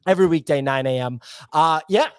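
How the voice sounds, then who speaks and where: A man's voice: on the high side, brisk, clear, resonant tone, no room sound, clean studio sound. A man hosting a podcast in a loose, joking chat, reading out listener comments. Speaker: podcast host.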